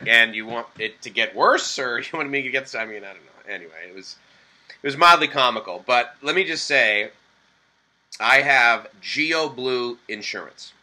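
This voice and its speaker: Bright-voiced man rambling through a travel story. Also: on the low side, low-quality recording. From Boston area. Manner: rambling, with many fillers and self-corrections; animated quoted dialogue. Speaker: vlogger. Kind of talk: casual storytelling to camera.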